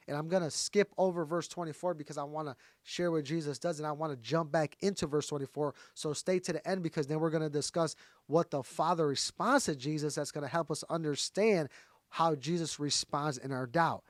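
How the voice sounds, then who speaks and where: Male Bible teacher, conversational sermon delivery, upper-pitched, dry recording. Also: brisk, dry recording. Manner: conversational, talks straight to viewers.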